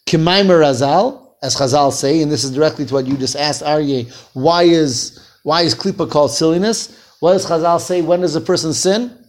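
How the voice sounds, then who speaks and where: Man, Torah teacher, fairly high voice, reads and explains a text, quizzes the class. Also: moderate pace. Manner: reads Hebrew phrases then translates, asks students questions.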